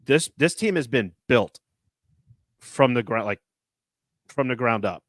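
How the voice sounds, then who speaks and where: Animated rambling man in dry sports chat. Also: mid-range voice, a little slow, no room sound. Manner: animated, rambling, heavy use of filler words. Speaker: podcast host.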